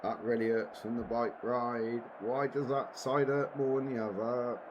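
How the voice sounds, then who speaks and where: A man's voice: mid-range voice, a little slow, muffled recording. A man in his forties chatting casually with viewers while playing a game on a live stream, rambling and laughing often. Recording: steady background noise.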